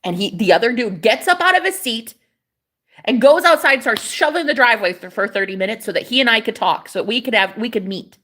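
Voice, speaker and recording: In a casual vlog, a manifestation coach jumps from point to point, cursing often and speaking with emphasis. Her voice runs on the high side and sounds a bit bright.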